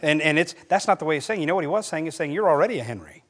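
Rapid-fire and fairly high in pitch, a middle-aged man preaches as a pastor, telling stories animatedly. Quoted lines make his voice climb.

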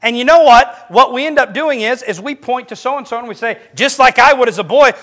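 A man's voice: extremely high pitch, a little fast, hardly any pauses. A middle-aged male pastor preaching a sermon, telling stories with a voice that climbs for quoted lines. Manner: animated storytelling, voice rising for quoted lines.

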